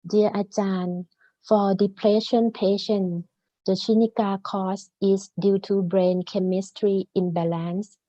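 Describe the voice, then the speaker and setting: Lady moderator reading questions real slow and formal, dry dull call audio. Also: mid-range voice, dark tone, dry recording. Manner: reads slowly and formally. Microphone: video call.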